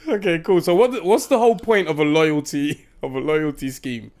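A man's voice: on the high side, moderate pace, a little mellow. A man, co-hosting a casual podcast and teasing his friends with questions. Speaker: podcast co-host. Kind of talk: casual chat.

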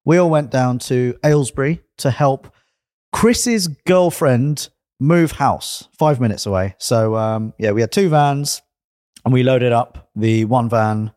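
A man from England chats casually on a podcast, telling a story in a winding way and stopping to fix his own slips. His voice sits at an ordinary middle pitch. The sound is dry and close, with no room echo. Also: slow pace, darkish tone. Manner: rambling, self-correcting storyteller. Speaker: podcast co-host. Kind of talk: casual chat.

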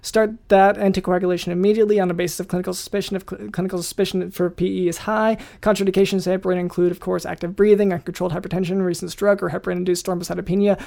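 A man's voice: sits high, little pitch movement, very fast, gravelly, few pauses, darkish tone. A man reading a medical lesson aloud in a podcast, stumbling over terms and restarting phrases.

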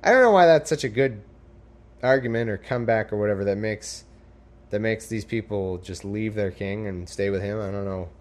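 A man's voice: on the low side, normal speed. Wry man reading scripture with sarcastic asides. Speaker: podcast host reading scripture. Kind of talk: comedic Bible reading with commentary.

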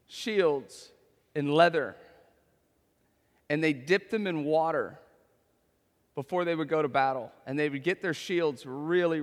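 A man's voice: a little high, long reverb tail. A man in his thirties preaching a sermon as a pastor, conversational, tossing in tag questions and stories from home.

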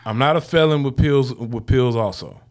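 Man, casual podcast chat, slangy, animated, mid-range voice, air-conditioner hum on the mic. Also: mid-range voice, normal speed. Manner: animated, slangy, laughs often. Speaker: podcast co-host.

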